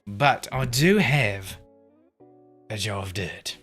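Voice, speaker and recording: A man's voice: lowish voice, expressive, slow, a bit bright, breathy edge, soft background music, heavily acted. A man putting on a roguish male pirate captain who talks in theatrical pirate slang. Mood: swaggering.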